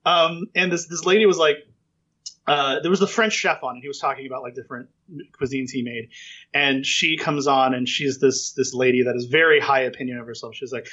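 A man's voice: medium pitch, steady tone, brisk, pushed and bright, muffled recording. A man hosting a casual podcast interview, telling jokey, rambling stories full of fillers.

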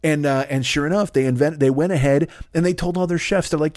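Male comedian, quick-fire delivery, slightly high voice, profane rambling monologue. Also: no echo, studio quality. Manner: profane, excitable, absurdist. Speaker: comedian podcast host. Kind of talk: rambling improvised comic monologue.

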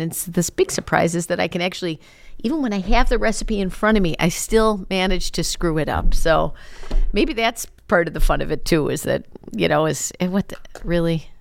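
A woman's voice: lowish voice, gravelly, no echo. A woman, a morning TV anchor, chatting casually as a podcast guest. She is self-deprecating, laughs often and rambles through restarts.

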